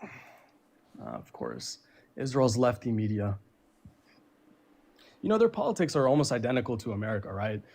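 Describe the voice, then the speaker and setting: A man's voice: mid-range voice, wildly swooping pitch, moderate pace, gravelly, pauses often, darkish tone, slight background noise. A man arguing as a guest on a call-in debate stream, sarcastic and swearing, laughing off the host. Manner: profane, dismissive, laughing sarcasm. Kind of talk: casual heated argument.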